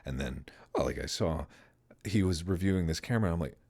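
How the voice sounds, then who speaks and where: A man with a very low voice that still swings widely in pitch as he tells his stories. He chats casually on a sleepy stream and slips into impressions of other people mid-story. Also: quick pace, gravelly. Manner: animated storyteller who mimics people.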